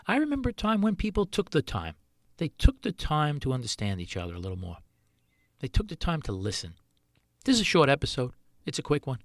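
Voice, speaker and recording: A man's voice: a little high, huge pitch swings, a little fast, no room sound, studio quality. A middle-aged man, a chef hosting his own podcast, talking earnestly in a solo monologue full of rhetorical questions.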